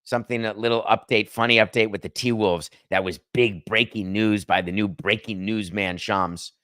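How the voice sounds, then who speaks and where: Speaking at a normal speed with fairly even intonation, a man delivers a solo sports podcast monologue in a bright, forceful tone. The studio sound is clean with no echo, and he rambles wryly between subjects, spiking his pitch for emphasis.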